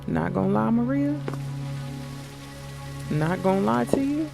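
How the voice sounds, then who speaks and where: A man's voice: sits high, lively intonation, measured pace, creaky. A man giving casual, joking commentary as he plays a game. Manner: joking, chatty asides. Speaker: gaming channel host. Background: game music.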